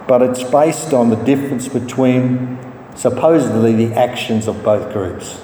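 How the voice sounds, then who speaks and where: A man preaching a sermon and telling a story in a measured, steady way. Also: medium pitch. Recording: echoey hall from far off, faint noise.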